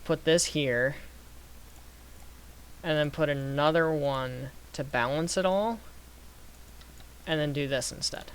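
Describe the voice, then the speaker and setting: A young man talks through a strategy game in casual commentary, working out numbers aloud in an unhurried, deliberate way. His voice sits a bit high for a man. A faint hiss runs under the recording. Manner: excited bursts. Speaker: gaming youtuber. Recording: faint background noise.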